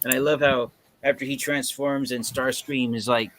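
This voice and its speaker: A man co-hosting a live stream, chatting in a relaxed way and often answering with short agreeing sounds. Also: medium pitch, normal speed, noisy background. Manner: relaxed, with frequent short backchannel replies. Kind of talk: casual fan chat.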